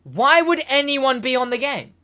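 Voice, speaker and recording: A young man co-hosting a casual podcast, rambling and animated, laughing often. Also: extremely high pitch, moderate pace. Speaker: podcast co-host, gaming segment host.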